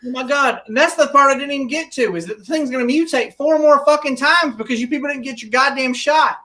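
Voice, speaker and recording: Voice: high voice, quick pace, bright, forceful tone, recorded from a distance. A podcast host ranting in casual chat, heated and full of profanity.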